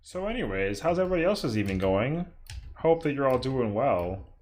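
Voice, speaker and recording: A man's voice: medium pitch, big pitch swings, brisk, a little mellow. A young man casually commentating his own gameplay on a livestream, swearing in frustration and chatting with viewers. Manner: frustrated, swearing, talking to chat. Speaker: streamer.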